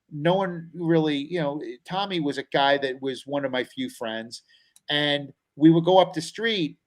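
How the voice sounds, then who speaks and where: A man's voice: on the high side, poor audio. A middle-aged man, a comedian guest on a talk show, telling a personal story and acting out the voices of people in it. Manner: animated storyteller, acts out quoted voices.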